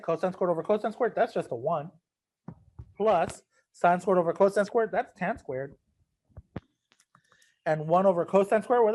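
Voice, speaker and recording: A man teaching a math lesson, casual and joking, talking straight to his students. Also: high voice. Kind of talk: recorded class lecture.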